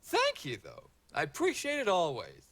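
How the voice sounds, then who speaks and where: A man voicing a showy male fae green man in a tabletop game, high and theatrical. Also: huge pitch swings, normal speed, a bit bright, heavily acted. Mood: cheery.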